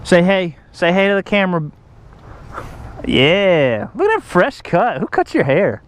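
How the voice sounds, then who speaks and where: A man's voice: high voice, big pitch swings, a little slow. A man vlogging outdoors on a motorcycle ride, talking in a rambling, jokey, chatty way. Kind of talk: casual vlog chat. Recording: loud wind and engine noise outdoors.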